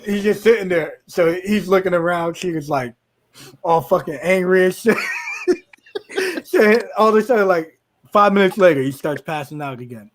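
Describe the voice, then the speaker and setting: A man's voice: high voice, moderate pace. A man co-hosting a podcast, telling a story among friends, laughing often and acting out quotes. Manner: animated, laughing, acts out quotes in raised voices. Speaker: podcast co-host.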